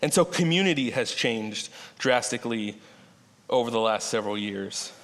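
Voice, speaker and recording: A preacher gives his sermon in a relaxed, conversational manner, slowing and stretching out the words he wants to stress. His medium-pitched voice is bright and forceful, with lively intonation, and a large church sanctuary's long reverb follows every phrase.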